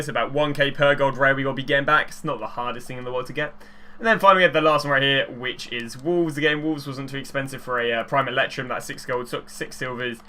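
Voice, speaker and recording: A young man chatting casually through pack openings, rambling and getting excitable at big pulls. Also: mid-range voice. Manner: excitable, chatty, rambling, gets loud at walkouts. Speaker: gaming YouTuber.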